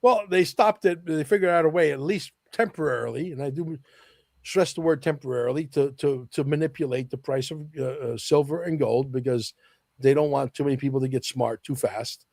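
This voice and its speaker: A man's voice: mid-range voice, steady tone, brisk, a little mellow, no room sound. A man as a podcast guest, talking emphatically and repeating key lines for effect. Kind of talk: podcast interview talk.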